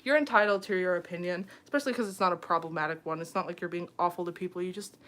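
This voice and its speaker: A woman's voice: lowish voice, very fast, a bit bright. Giggly young woman chatting on a livestream. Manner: chatty, giggly, heavy on fillers like "um" and "like". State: tired late at night. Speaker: YouTuber hosting a livestream. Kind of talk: casual livestream chat reading comments. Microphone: phone.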